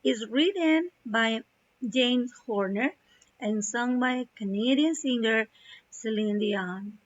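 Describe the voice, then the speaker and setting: A woman teacher talks through an English reading at a very slow, careful pace. Her voice sits a little high. The recording is dull and lo-fi. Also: a bit bright. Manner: slow, explanatory, glosses words in Spanish. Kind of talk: classroom lesson, explaining a reading.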